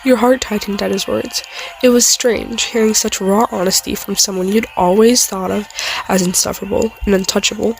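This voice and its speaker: A woman's voice: medium pitch, fairly even intonation, moderate pace, creaky, faint music behind, low-quality recording. A woman reading a fan fiction story aloud in a casual way, now and then stumbling over words and apologizing.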